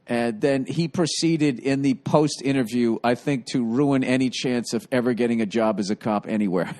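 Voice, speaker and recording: A man's voice: medium pitch, normal speed, a little mellow. A man hosting a podcast, telling stories in a casual comedic monologue, with profane, rambling delivery. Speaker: podcast host.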